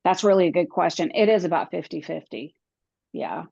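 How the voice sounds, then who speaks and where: A real estate relocation guide chats casually in an interview, often restarting her sentences and laughing. Her voice is lowish, dark and husky with vocal fry, and she speaks in a brisk, animated way. The audio is dry, dull and lo-fi.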